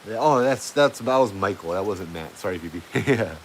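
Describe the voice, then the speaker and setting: A man's voice: on the low side, lively intonation, a little fast, a little hiss or hum, poor audio. A man hosting a livestream, telling a ghost story in a casual, rambling way with plenty of fillers and restarts. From Hawaii. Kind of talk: casual storytelling to a live chat.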